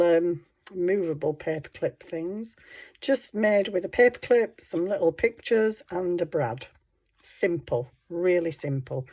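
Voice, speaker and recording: Chatty woman showing off her crafts, a bit low-voiced, laughs at herself a lot. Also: warm tone. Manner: chatty, giggly, self-deprecating. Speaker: craft vlogger. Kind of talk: casual show-and-tell narration.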